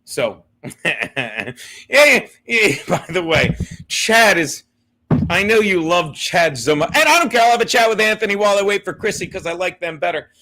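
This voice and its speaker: A man's voice: sits high, very animated, moderate pace, sharp tone. A man hosting a casual livestream chat, bantering in a brash, profane way and laughing often. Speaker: host.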